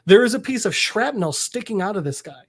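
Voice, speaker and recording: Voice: medium pitch, animated, brisk, husky. Rambling podcast co-host recapping a story. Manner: rambling storytelling with many fillers; acts out quoted characters. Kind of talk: casual recap chat.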